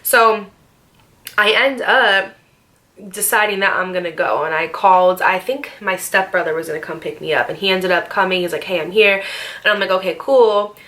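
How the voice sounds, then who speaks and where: A woman's voice: medium pitch, moderate pace, bright, forceful tone. A young woman vlogger telling a storytime tale in a chatty, dramatic way, with slang and swearing. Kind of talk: casual storytime monologue.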